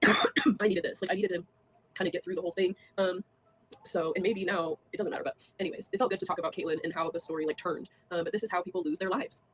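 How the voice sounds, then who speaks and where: A young woman on a casual livestream, talking fast with lots of fillers, scornful and laughing between jabs at people. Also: on the low side, steady tone, breathy edge.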